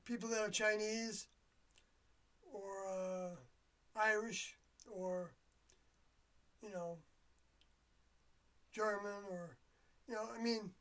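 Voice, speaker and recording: Older speaker, solo livestream monologue, halting and reflective, middling pitch, sitting away from the mic. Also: fairly even intonation, fairly bright tone. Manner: halting, searching for words, trailing phrases; reflective and confiding. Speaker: livestream host. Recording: voice a bit distant from the mic.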